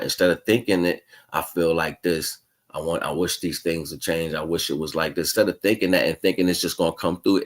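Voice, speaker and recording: Deep-voiced man musing casually on a livestream. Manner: casual, slangy, keeps asking "you know what I'm saying"; rambling, musing delivery with restarts. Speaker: livestream host. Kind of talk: spiritual livestream monologue.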